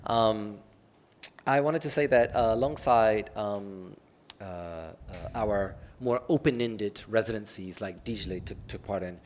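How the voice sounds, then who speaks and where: Speaking fairly low and a little slowly, this man sits on an arts event panel amid slight background noise. His delivery is relaxed and conversational, full of fillers like "um" and "kinda."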